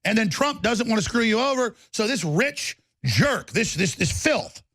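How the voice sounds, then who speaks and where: A man hosting a live talk show, delivering an angry, heated political rant with repetitive, shouting bursts into a studio mic. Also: high-pitched, sing-song, a little slow, no room sound.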